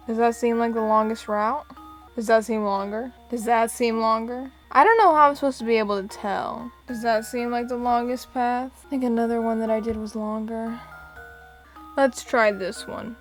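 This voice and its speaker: A young woman chatting casually as she plays a puzzle game, giggling and thinking out loud. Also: on the high side, fairly even intonation, normal speed, faint music behind. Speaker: game streamer. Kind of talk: casual let's-play chat.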